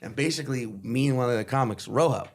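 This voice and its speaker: A man's voice: medium pitch, fast. A man who is a comedian, a guest on a podcast, telling a story casually and animatedly, with loose, profane delivery. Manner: animated, acts out the people in his stories.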